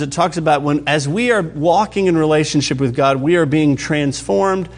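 A man preaching a sermon to his congregation in a conversational teaching style, often checking that listeners follow and pushing louder or dropping soft for emphasis. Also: mid-range voice. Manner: varies pace and loudness for emphasis. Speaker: pastor.

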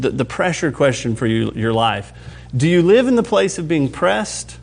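Guy preaching a sermon, bit higher voice, keeps asking if it makes sense. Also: vocal fry. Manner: conversational teaching, checks in with listeners; varies pace and loudness for emphasis. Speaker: pastor.

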